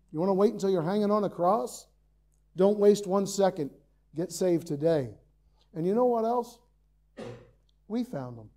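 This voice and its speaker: High-voiced, mellow preacher at the pulpit. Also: male voice. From Ireland. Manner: rises to loud emphatic peaks, then drops to quiet earnest asides. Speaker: pastor. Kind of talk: sermon. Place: church sanctuary, preaching from the pulpit.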